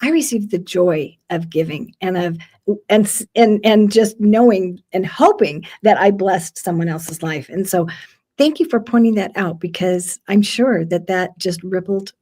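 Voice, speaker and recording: A woman's voice: mid-range voice, measured pace, dark tone. Reflective affirming woman podcast host. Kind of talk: interview conversation.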